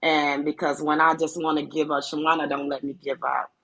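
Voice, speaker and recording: A woman guest telling her own story on a talk show, speaking hesitantly with many restarts and pauses. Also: low voice, flat delivery, gravelly, a bit bright. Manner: hesitant, with frequent restarts and fillers. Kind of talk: personal testimony on a talk show.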